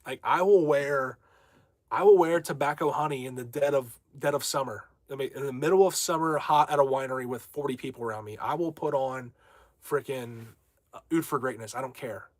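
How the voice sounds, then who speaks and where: A man's voice: mid-range voice, fairly quick, dry recording. Young male streamer at home, brash, rambling talker, dry unreverberant sound. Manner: brash, rambling, reads viewer comments aloud. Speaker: livestream host. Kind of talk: casual livestream chat.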